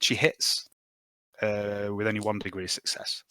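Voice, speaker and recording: A man narrating a tabletop game as game master, chuckling and quickly reading out dice results. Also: on the low side, flat delivery, bright, forceful tone, dry recording.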